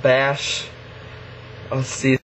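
A teenage boy vlogging casually to his webcam, rambling and halting with lots of fillers. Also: mid-range voice, completely flat delivery, fairly bright tone. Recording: dull lo-fi webcam audio with faint hiss.

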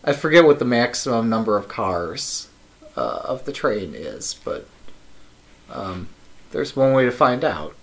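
A man live-streaming his coding work, thinking aloud in a wry, casual way with many ums and uhs. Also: fairly low pitch.

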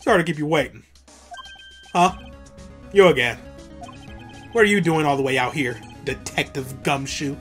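A woman voicing a young male defense attorney with a dry, lowered, puzzled manner. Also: moderate pace, long pauses, fairly bright tone, soft background music.

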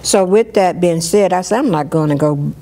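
Woman, lowish voice, animated personal storytelling. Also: normal speed. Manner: lively storytelling, acting out others' words. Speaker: storyteller sharing her life. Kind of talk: personal story told in an interview.

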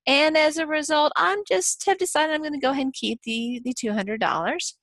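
A woman putting on an eager male coworker, pitched up high and stammering. He goes flustered and indignant in a dry, close-sounding space. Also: fairly quick, a bit bright, no room sound. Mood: bewildered.

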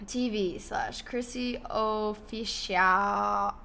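A woman's voice: medium pitch, slow pace, long pauses, a bit bright. A young woman chatting casually on a live stream from her bedroom, swearing and thanking subscribers while fighting hiccups. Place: home bedroom.

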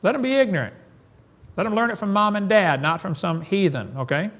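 A man's voice: high voice, brisk, a bit bright. A man giving a preaching lecture to an audience in a folksy, emphatic way, firing off rhetorical questions and chuckling. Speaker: creationist seminar speaker.

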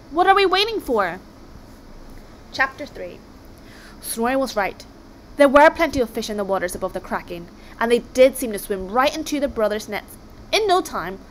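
A woman reading a children's story aloud in an expressive storytelling way. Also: a little high, a little hiss or hum.

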